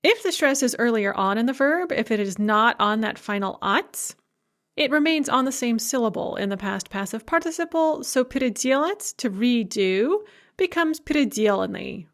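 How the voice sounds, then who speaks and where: A woman teaching a recorded language lecture, explaining grammar methodically and carefully pronouncing example words. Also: on the high side. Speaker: Russian language instructor.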